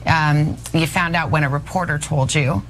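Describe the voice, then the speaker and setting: A woman's voice: deep voice, steady tone, normal speed, soft background music. A woman interviewer in a broadcast interview, setting out facts carefully before a probing question.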